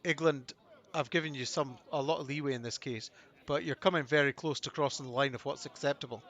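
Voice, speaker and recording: A man voicing a stern, fair-minded judge in a video game, measured in delivery. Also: medium pitch, fairly bright tone, close to an everyday voice.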